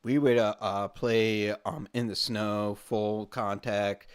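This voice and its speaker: A man's voice: fairly low pitch, slow pace, clear, resonant tone. A man from Ohio, co-hosting a podcast in casual chat, telling stories and acting out quotes with laughs. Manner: animated storyteller, acts out quotes with laughs. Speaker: podcast co-host.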